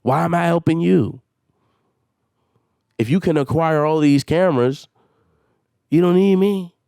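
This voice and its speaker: A man's voice: on the high side, measured pace, creaky, mellow, smooth, dry recording, studio quality. A man hosting a solo podcast, venting in a heated and exasperated way with emphatic swearing. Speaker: podcast host.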